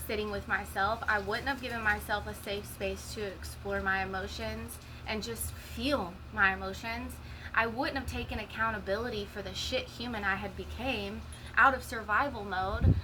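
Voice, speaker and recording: A woman's voice: fairly high pitch, noisy background. A woman telling her own story in a candid, emotional monologue, swearing freely. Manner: raw, profane, emotional storytelling. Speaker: vlogger sharing a personal story.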